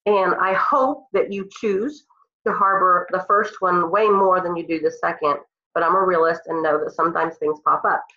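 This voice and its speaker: Her fairly low voice is steady and sharp at a normal pace as she inspires her team on a call, earnest and emotional though stuffed up with a cold. The phone or computer call audio is dull, roomy and lo-fi.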